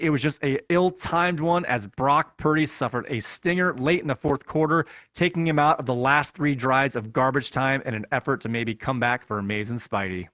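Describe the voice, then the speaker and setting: A man's voice: a little high, fairly bright tone, no echo, clean studio sound. A man hosting a fantasy football podcast, giving a jokey, chatty recap and addressing his listeners as guys. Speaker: podcast host.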